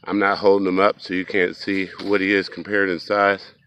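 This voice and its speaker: A man's voice: low voice, level tone, moderate pace, a bit bright, smooth, lo-fi sound. A man vlogging casually outdoors by a riverbank, talking straight to his viewers in a folksy way. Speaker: fishing vlogger.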